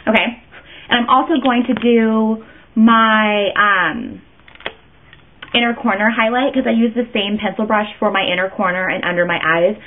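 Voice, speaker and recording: A woman's voice: mid-range voice, steady tone, normal speed, a little hiss or hum. A woman chatting her way through a makeup tutorial, rambling and interrupting herself as she goes. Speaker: beauty vlogger. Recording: tinny phone-like sound.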